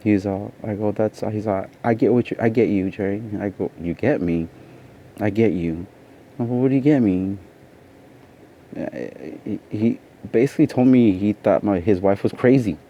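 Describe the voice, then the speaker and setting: A man's voice: deep voice, dark tone. A tired man telling a personal story in a casual vlog, rambling and saying "you know" constantly. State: tired from lack of sleep. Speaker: vlogger. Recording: dull lo-fi sound with faint noise.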